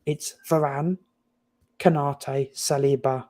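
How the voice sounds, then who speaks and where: A young man from England giving opinionated, animated takes in a casual football chat, often stumbling and restarting. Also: medium pitch, takes it slowly. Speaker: panelist.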